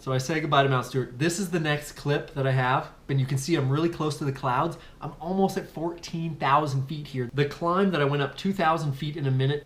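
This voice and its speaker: A man narrating his own paragliding flight in a casual vlog voice-over, animated, swearing freely and calling his viewers folks. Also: on the high side.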